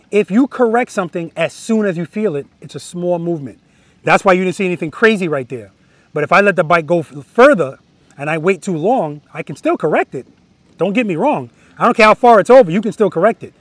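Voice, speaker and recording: A motorcycle instructor, a man with a high voice, coaches riders through an outdoor drill. He talks directly and hammers home key words. His voice sounds dry and close, with motorcycle engines running behind him. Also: lively intonation, brisk, no echo. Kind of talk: outdoor riding lesson instruction. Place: outdoor practice lot.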